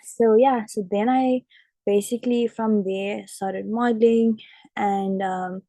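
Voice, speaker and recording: A young woman chats to camera in a relaxed storytelling vlog, peppering her talk with "like". Her voice is soft and mellow, with a gravelly fry at the ends of phrases. The sound is dry and close. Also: medium pitch, slow, no echo. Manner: chatty, frequent "like" fillers. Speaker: vlogger and model. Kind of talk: casual storytelling chat.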